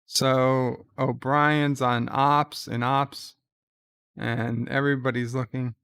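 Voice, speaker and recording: A man's voice: medium pitch, little pitch movement, slow pace, gravelly, a bit bright, clear, resonant tone, no room sound. A man casually recapping a TV episode in a conversational way and retelling its scenes. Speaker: show commentator.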